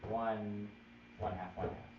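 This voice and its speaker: A man's voice: on the low side, flat delivery, slow. A man teaching a chant theory class, patiently explaining and counting out beats. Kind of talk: live-streamed music theory class. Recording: roomy, distant, dull live stream with noise.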